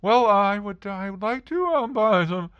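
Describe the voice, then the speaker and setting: A man playing his nervous younger self, stammering and clearing his throat. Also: high-pitched, animated, measured pace, no room sound, dull audio, voice pushed up.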